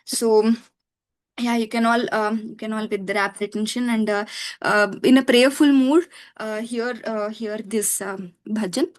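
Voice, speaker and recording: A woman teaching a devotional class, speaking haltingly with many fillers and restarts. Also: on the high side, fairly even intonation. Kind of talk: devotional talk with chanting.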